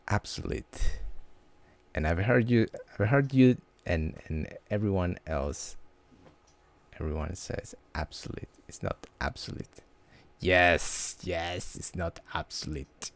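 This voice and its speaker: A man chatting casually on a livestream, halting and restarting his words often. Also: low-pitched, gravelly. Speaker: livestream host.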